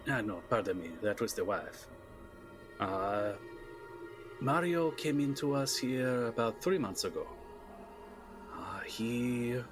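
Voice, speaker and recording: A genial French asylum doctor, as a game master puts him on, speaking with an exaggerated, hammy French accent. His voice sits at a middle pitch and swoops around in lively melodic turns. Soft music plays faintly behind him. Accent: put-on French. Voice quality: hammy mock-French delivery. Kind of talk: tabletop role-play character voice.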